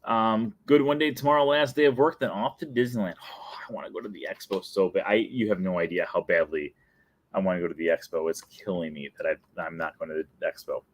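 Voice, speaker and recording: A young adult man with a deep voice hosts a laid-back live stream, talking fairly quickly with fairly even intonation. He's playful and chatty, slipping into a sung jingle and often laughing at himself.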